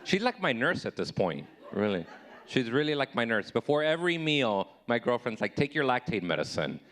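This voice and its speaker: Man, 30s, stand-up comic, mid-pitched voice, self-mocking delivery, leaps up in pitch for his own comebacks. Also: very animated, moderate pace. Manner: self-deprecating, swings high and loud when acting out his own replies. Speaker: stand-up comedian. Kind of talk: live stand-up comedy set.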